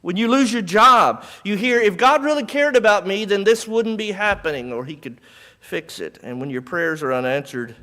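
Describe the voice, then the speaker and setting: Middle-aged male preacher, conversational and earnest, slightly high pitch. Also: lively intonation, normal speed, pushed and bright, long reverb tail. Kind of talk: sermon.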